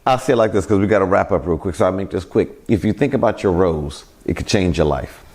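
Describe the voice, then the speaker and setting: A man's voice: low-pitched, fast, darkish tone. Folksy man co-host. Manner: folksy, preachy, acts out little scenes. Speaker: radio show co-host. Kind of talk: casual chat.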